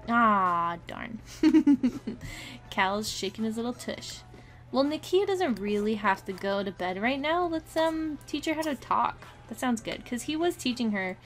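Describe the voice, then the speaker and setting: A young woman giving a chatty, giggly commentary on a life-simulation game, often talking to her characters. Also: on the high side. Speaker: gameplay commentator. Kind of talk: casual let's-play commentary. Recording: faint game music behind.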